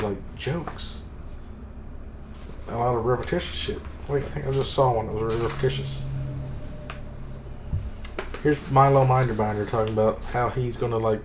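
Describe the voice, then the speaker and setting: A man's voice: medium pitch, steady tone, normal speed, pauses often. A man in a casual book club chat, retelling scenes in a rambling, profane, exasperated way. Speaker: streamer reviewing a book. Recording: roomy sound with faint ambient noise.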